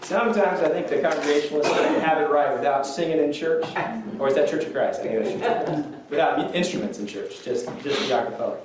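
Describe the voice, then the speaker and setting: A man preaching to his congregation in a loose, chatty way, joking at his own expense. His voice sits a little high for a man. He sounds distant from the microphone, in a very echoey church with a faint hiss behind him. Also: brisk, hardly any pauses. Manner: conversational, self-deprecating with chuckles. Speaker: pastor. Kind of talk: sermon. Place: church sanctuary.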